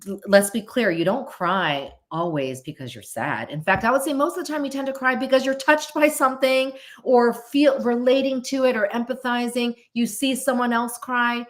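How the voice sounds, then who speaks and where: A woman's voice: on the high side, normal speed. A middle-aged woman hosting a podcast, chatting casually and answering viewer questions, often breaking off her sentences and laughing. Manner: chatty, self-interrupting, laughs easily. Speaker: podcast host.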